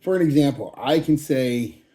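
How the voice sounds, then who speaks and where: A man's voice: mid-range voice, normal speed, warm tone. A man in his forties talking casually to his channel, blunt and profane, rambling with frequent restarts. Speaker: fragrance channel host. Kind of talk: casual channel update monologue.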